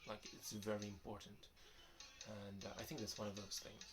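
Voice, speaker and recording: With music in the background, a young man with a lowish voice speaks at a moderate pace. He's answering viewer questions in a laid-back vlog, rambling, restarting his sentences a lot, and speaking candidly.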